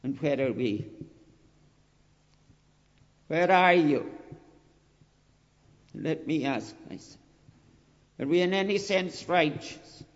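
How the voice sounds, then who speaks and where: Slow, earnest male preacher in a reverberant hall. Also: on the high side, expressive. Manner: earnest, rising to emphatic pleading; slow and deliberate with repeated phrases. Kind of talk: sermon. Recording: dull lo-fi recording with long hall reverb.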